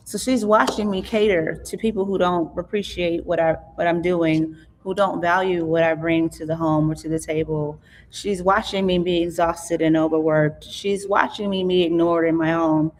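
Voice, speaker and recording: A middle-aged woman, an author and interview guest, telling her life story in an earnest, reflective way, often halting and restarting. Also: fairly low pitch. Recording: long hall reverb.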